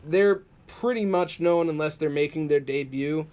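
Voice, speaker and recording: Storytelling man, slightly high voice. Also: normal speed, smooth. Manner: storytelling, animated, laughs often. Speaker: podcast co-host. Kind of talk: casual wrestling chat.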